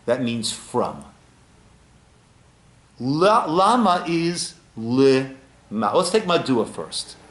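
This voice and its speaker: Drawing out his words and pausing often, a rabbi with a mid-range voice teaches Torah in an echoey synagogue room. The lesson is lively, with Hebrew quotes and rhetorical questions aimed at his listeners.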